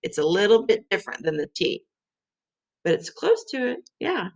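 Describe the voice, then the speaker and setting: A woman's voice: medium pitch, very animated, normal speed. A middle-aged woman teaching vocabulary to young children, sounding out letters and syllables.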